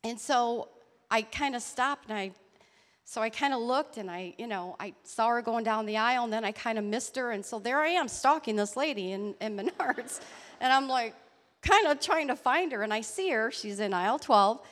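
A woman's voice: on the high side, long reverb tail. Earnest woman telling a testimony. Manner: earnest, halting storytelling with restarts and soft laughs. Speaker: church member sharing a testimony. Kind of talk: personal testimony story. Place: church hall.

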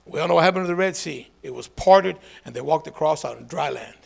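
A man preaching a lively call-and-response sermon, swinging from low asides to shouted calls for a response. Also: a little fast, creaky.

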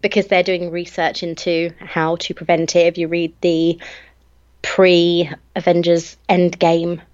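A woman co-hosting a casual podcast, chatting with eager fan enthusiasm. Her voice sits a little low, and her mic sounds dull and lo-fi. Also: flat delivery, slow, darkish tone. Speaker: podcast co-host. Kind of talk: casual chat.

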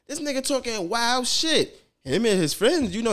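A man's voice: extremely high pitch, very animated, normal speed, fairly bright tone, a little hiss or hum. A man co-hosting a podcast, telling stories in slangy, profane casual chat. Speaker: podcast co-host.

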